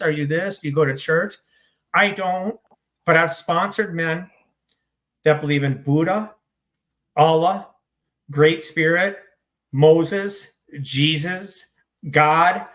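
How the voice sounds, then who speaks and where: A man's voice: fairly high pitch, fairly bright tone. Blunt, hyper man with a raised voice. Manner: blunt and profane; hyper, rapid-fire delivery. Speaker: interview guest in recovery. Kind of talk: candid conversational storytelling.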